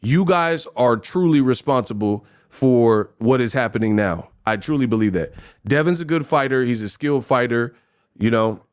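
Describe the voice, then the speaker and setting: A man hosting a casual livestream, talking in a lively way, rapping short rhymes and reading donation messages aloud. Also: medium pitch, moderate pace, smooth. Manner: animated, freestyles rhymes, reads donations aloud. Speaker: livestream host.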